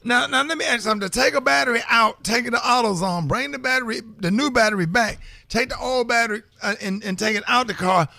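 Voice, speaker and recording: Bright, gravelly radio host. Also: male voice, very high voice, fast talker, hardly any pauses, no echo. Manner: playful, teasing, stammering. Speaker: radio morning show host. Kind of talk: casual chat. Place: radio studio.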